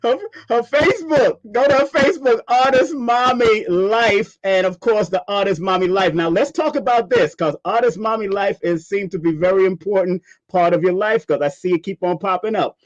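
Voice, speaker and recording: A man hosts a casual interview with a notably high voice, recorded close and dry. He is enthusiastic, repeats phrases and laughs often, affirming his guests. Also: moderate pace, few pauses, no room sound, highs cut off. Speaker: interview host.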